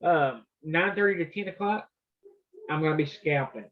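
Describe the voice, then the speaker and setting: A man's voice: fairly high pitch, normal speed. Man, casual coach, loose conversational talk, muffled stream audio. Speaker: trading coach. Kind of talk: casual live coaching session.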